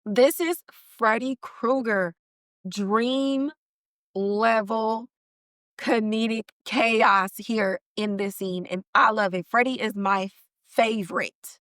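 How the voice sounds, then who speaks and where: A woman's voice: fairly high pitch, steady tone, slow pace, fairly bright tone, clean tone, dry recording, studio quality. A woman hosting a podcast and recapping a TV episode in casual, slangy storytelling that is full of animation and laughter. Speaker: podcast host.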